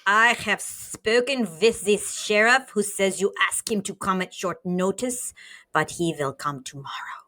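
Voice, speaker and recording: A woman voicing a stern man from 1521 in a theatrical, halting mock villain accent. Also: mid-range voice, sharp tone. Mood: pompous.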